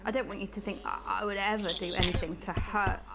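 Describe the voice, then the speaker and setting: A woman's voice: mid-range voice, fairly even intonation, brisk, creaky, natural voice. A woman playing a polished TV news anchor whose sign-off turns creepily intimate, with a posh voice. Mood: obsessive. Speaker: news presenter. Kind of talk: live broadcast sign-off, in character.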